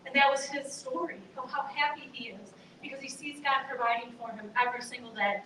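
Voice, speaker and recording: In a chapel hall, a woman's high-pitched, sharp voice moves fairly quickly as she earnestly and conversationally addresses students directly. Her voice comes from far off in the echoing room, over faint noise.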